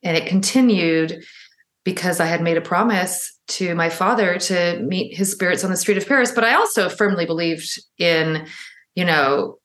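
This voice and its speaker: Woman telling her story on a podcast, lively, laughs a lot, lowish voice, roomy echo. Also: normal speed. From Los Angeles area. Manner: animated, laughs often, acts out quoted voices. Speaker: guest, author. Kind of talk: personal storytelling in a conversation. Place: room in her father's house.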